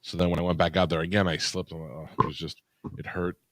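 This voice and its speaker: Very deep-voiced self-mocking man. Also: little pitch movement, fast talker, fairly bright tone, no echo. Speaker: podcast co-host. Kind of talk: casual comedic chat.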